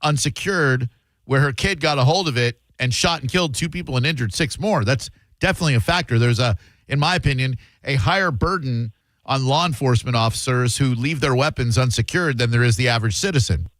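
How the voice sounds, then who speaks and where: A man's voice: mid-range voice, brisk, a bit bright, no echo. A male radio host taking calls, blunt and sarcastic, often restarting his sentences. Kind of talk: call-in radio talk.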